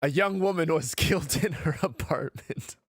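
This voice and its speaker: A man reading the lines of a nervous young rookie defense lawyer in an earnest, low-key storytelling voice, over loud game music. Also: very animated, normal speed, background noise, close to an everyday voice.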